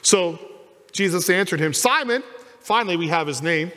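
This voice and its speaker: A high-voiced man preaches a little fast in a large hall, a church sanctuary. As pastor, he gives an animated sermon and acts out the lines of the people in his story.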